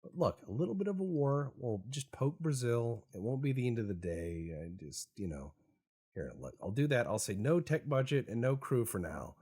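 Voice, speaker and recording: A man's voice: mid-range voice, very animated, moderate pace, darkish tone, husky. A man giving wry, meandering, sarcastic commentary while playing a strategy game. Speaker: gaming YouTuber. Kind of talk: casual gameplay commentary.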